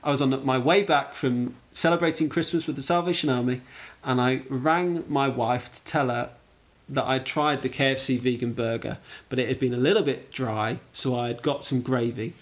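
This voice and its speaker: A man's voice: mid-range voice, fairly even intonation, normal speed. A man from England, a podcast guest chatting casually and self-deprecatingly, with hesitant fillers and easy laughter. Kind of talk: casual interview chat.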